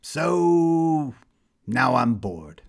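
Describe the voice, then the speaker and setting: A man's voice: very animated, very slow, gravelly, exaggerated voice. A man putting on a giddy mad clown villain. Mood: bored, giddy. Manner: giddy, jumpy, high-pitched delivery. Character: manic bored male supervillain clown.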